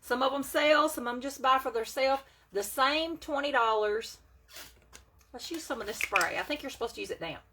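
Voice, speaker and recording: Woman in her thirties, bright and a little high, folksy live-stream seller. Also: lively intonation, normal speed, a little hiss or hum. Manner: chatty, folksy, reads out viewer comments. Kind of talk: casual live-stream chat.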